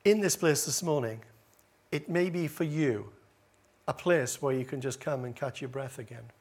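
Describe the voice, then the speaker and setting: A man preaching a sermon at a church service, earnest and building in volume on key phrases, with gentle asides and small hesitations. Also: mid-range voice, moderate pace.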